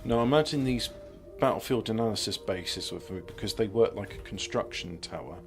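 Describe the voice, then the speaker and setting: A man's voice: on the low side, a little fast, faint music behind. A man streaming a game, rambling through sardonic jokes and muttering to himself as he plans his moves. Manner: self-muttering while planning moves. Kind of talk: casual gameplay commentary.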